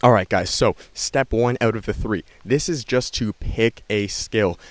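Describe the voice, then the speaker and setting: A man's voice: fairly low pitch, unhurried, no echo. A young man talking casually and energetically to a handheld camera outdoors by a stream, slightly out of breath. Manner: energetic, chatty, repeats himself. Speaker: vlogger. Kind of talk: casual vlog talk to camera. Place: outdoors in a forest valley by a stream. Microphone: handheld camera at arm's length.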